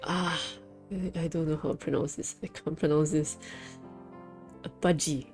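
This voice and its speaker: A woman's voice: low voice, steady tone, normal speed, darkish tone, faint music behind. A young woman streamer chatting casually and hesitantly while she plays, often correcting herself. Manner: hesitant, rambling, self-correcting. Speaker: VTuber streamer. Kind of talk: casual chat while playing a game.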